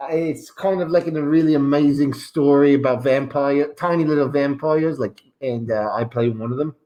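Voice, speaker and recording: A man's voice: fairly high pitch, normal speed, mellow, natural voice. A man playing a rambling, self-important actor who claims to be Shrek, his fake accent slipping between Scottish and Australian, heard over an echoey video call. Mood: boastful.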